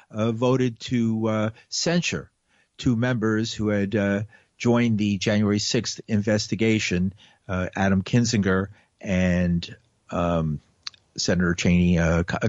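A man anchoring a radio newscast, reading in a measured way and filling pauses with "uh" when he ad-libs. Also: medium pitch, dry recording. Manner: measured, with halting fillers when ad-libbing. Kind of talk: news reading. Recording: muffled lo-fi radio broadcast.

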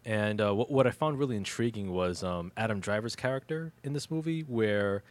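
A man's voice: fairly low pitch, fairly quick. A man co-hosting a casual podcast, reviewing a movie in a rambling, slangy way with lots of restarts. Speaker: podcast co-host.

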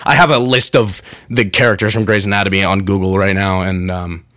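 A man's voice: sits low, brisk. A young man hosting his own podcast, chatting casually and rambling with many restarts and asides. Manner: rambling, self-interrupting, animated. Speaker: podcast host. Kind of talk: casual solo podcast rant.

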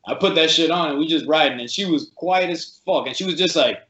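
A man's voice: a little high, fairly quick. Guy coach rambling thru a story, swears a lot, roomy kinda dull sound. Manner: rambling, profane, animated storytelling with quoted voices. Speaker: fight coach. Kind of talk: casual storytelling chat.

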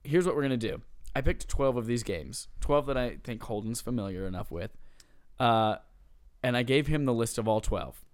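A man's voice: medium pitch, normal speed, smooth, no echo, clean studio sound. Playful man co-hosting a chat show. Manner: playful, jokey banter. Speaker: podcast co-host. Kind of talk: casual chat.

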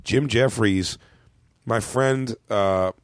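A man's voice: on the low side, drawn-out words, dry recording, studio quality. A man, a comedian, chatting casually on a podcast, rambling through a story with many restarts. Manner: rambling with fillers and restarts, excitable. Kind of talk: casual chat. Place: podcast studio.

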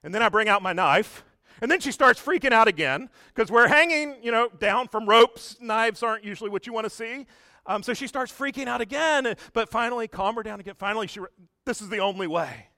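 High, bright-voiced pastor. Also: male voice, a little fast, no room sound, clean studio sound. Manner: animated, chatty, addresses the congregation directly. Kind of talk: conversational sermon storytelling.

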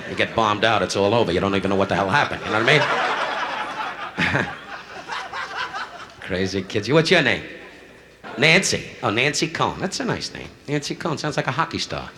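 A man's voice: fairly low pitch, wildly swooping pitch, moderate pace, pauses often. Brash man doing insult comedy live. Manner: brash, heckles audience members. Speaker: stand-up comedian. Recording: noisy 1960s live club recording. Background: audience laughter.

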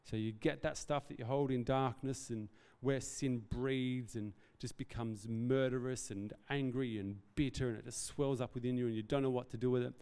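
A man's voice: mid-range voice, fairly even intonation, normal speed, few pauses, warm tone, clear, resonant tone. A man preaching a sermon as pastor, earnest and conversational, with self-deprecating asides. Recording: reverberant hall.

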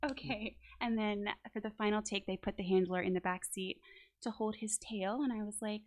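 A woman's voice: medium pitch, a little fast. A woman guest on an interview podcast, telling a story in a casual way, laughing often and acting out what people said. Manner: animated storyteller, acts out quotes, laughs often. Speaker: actor guest. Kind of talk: casual anecdote. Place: New Orleans.

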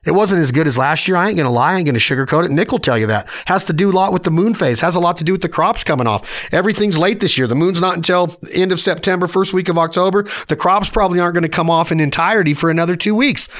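A man's voice: high voice, fast talker, hardly any pauses, a bit bright. A man in his forties hosting a podcast, giving a fired-up motivational solo rant in punchy, emphatic short sentences. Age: 40s. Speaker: podcast host.

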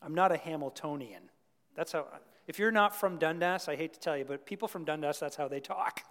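A man's voice: on the high side, a little fast, fairly bright tone. A Canadian-born man preaching a sermon in a chatty, folksy way, asking his listeners questions. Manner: conversational, folksy, asks the crowd questions. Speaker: pastor. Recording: long reverb of a large hall.

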